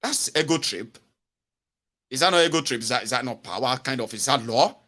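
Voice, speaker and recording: A man's voice: mid-range voice, expressive, brisk, sharp tone. Nigerian man giving mocking live commentary. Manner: mocking, acts out quoted voices, mixes in pidgin. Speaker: host. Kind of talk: live-stream political commentary.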